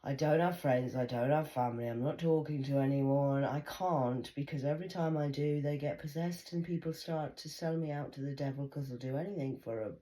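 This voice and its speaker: A woman's voice: low voice, a little fast, few pauses, mellow. A woman vlogger talking in a blunt, rambling monologue full of swearing while she smokes.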